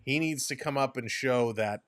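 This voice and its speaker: A man's voice: mid-range voice, moderate pace, fairly bright tone. A man hosting a live sports stream, calling plays casually and chatting with his viewers in a rambling way. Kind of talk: casual play-by-play and chat reading.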